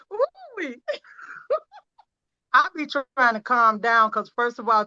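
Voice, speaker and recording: A woman speaks from home on a video call, offering a personal product testimonial with earnest emphasis and moments where she nearly cries. Her slightly high voice is pushed and bright, clear with a resonant tone, but the recording's highs are cut off.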